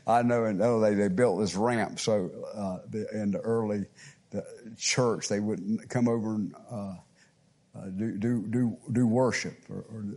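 A man's voice: fairly low pitch, a little mellow, husky. A man preaching a fervent sermon, chuckling often and repeating phrases with rising fervor.

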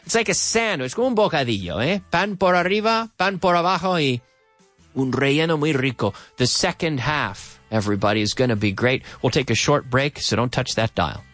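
A man hosting a live radio English lesson in an animated way, drilling words by repeating them slowly and dropping in Spanish phrases, on a studio microphone with headphones. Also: medium pitch, soft background music. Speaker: radio English teacher and host.

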